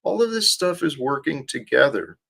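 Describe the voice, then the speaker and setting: A man's voice: a little high, very animated, moderate pace, gravelly, fairly bright tone, breathy edge, poor audio. A man hosting a livestream talk, speaking in an earnest, reflective way. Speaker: host.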